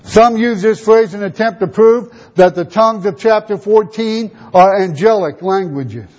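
A male preacher delivers a sermon in a high voice, pressing his points with rhetorical questions he answers himself. The recording is dull and lo-fi. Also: normal speed, a little mellow. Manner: rhetorical questions, emphatic teaching.

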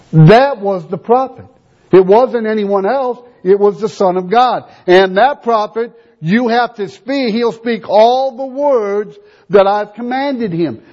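A man's voice: high-pitched, darkish tone. A man preaching a sermon, emphatic, reading scripture and repeating rhetorical questions. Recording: dull lo-fi recording.

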